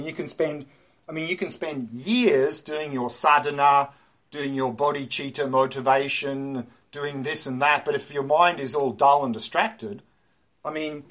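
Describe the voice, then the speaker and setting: A man's voice: on the high side, a bit bright. A man giving a dharma talk to a class as a meditation teacher. He is emphatic, repeats key words and points to a diagram as he explains.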